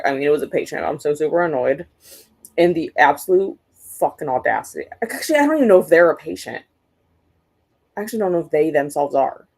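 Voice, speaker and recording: Young woman, low voice, exasperated profane rambling host of a casual stream. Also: a little mellow, slightly rough. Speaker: booktube livestream host. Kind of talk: casual chat during a reading sprint stream.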